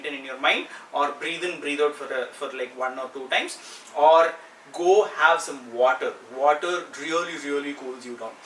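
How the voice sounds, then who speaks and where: A man gives a motivational lesson, speaking straight to the viewer and repeating his key points. His voice is bright and somewhat high. The sound is roomy, with him a little away from the microphone. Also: a little hiss or hum. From Tamil Nadu, India. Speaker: kids' storyteller and speaker. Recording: roomy echo, a bit far from the mic.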